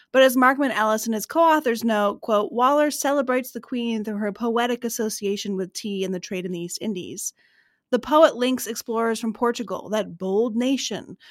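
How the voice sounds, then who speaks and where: Woman cohost reading history notes, steady mid voice, dry close sound. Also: medium pitch, no room sound. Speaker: podcast co-host. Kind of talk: history podcast, reading aloud.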